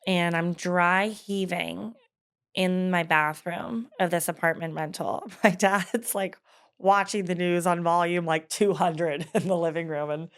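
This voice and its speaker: A woman's voice: on the low side, steady tone, unhurried. A woman in her thirties telling her personal story in an interview, candid and hesitant, with frequent fillers and laughs. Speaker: guest.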